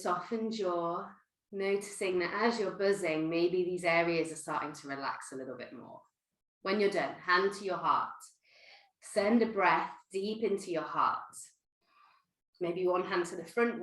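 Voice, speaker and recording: A woman teaching a guided breathwork class, giving gentle, playful instructions. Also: on the low side, roomy sound, low-quality recording. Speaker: yoga teacher.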